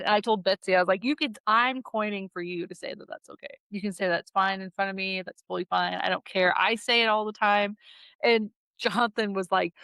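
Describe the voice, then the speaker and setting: A woman's voice: medium pitch, quick pace, gravelly, a bit bright, smooth, dry recording, studio quality. A woman in her thirties chatting casually on a podcast, telling stories with lots of fillers and quoted voices. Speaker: podcast guest, daughter. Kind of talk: casual storytelling chat.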